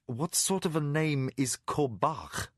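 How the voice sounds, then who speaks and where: A man's voice: a little high, lively intonation, slow pace, no room sound, studio quality, voice pushed up. A man voicing a wary young nobleman in an audiobook, asking questions in a slightly raised voice. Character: young male noble, wary and put-upon. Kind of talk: audiobook character voice.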